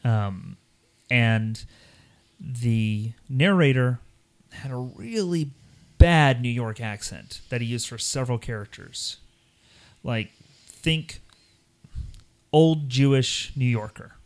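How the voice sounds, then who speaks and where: A man co-hosting a podcast, talking in a rambling, animated way and putting on voices when he quotes people. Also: medium pitch, slow, long pauses. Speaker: podcast co-host. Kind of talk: casual chat.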